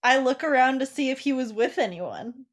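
Woman w/ a slightly high voice playing an improv story game, loose and rambly, says like a lot. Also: lively intonation, normal speed. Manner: rambling, many "like" fillers. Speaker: player.

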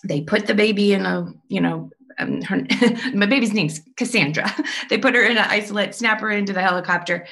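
A woman's voice: medium pitch, brisk, fairly bright tone. A middle-aged woman and podcast guest, telling her life story in a candid, chatty way, with fillers and small laughs.

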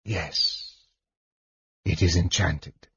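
A man's voice: on the low side, lively intonation, moderate pace, darkish tone, husky, no echo, dull audio. A man reading an audiobook voices a frail male mage who whispers and snaps with scorn. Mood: cold.

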